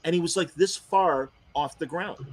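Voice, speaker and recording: A man with a slightly high voice hosts a podcast in a casual, chatty style. He tells his stories with animation and feeling, warm and personal in delivery. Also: moderate pace. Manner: animated, emotional storytelling. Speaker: podcast host interviewing comic creators. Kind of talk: casual chat.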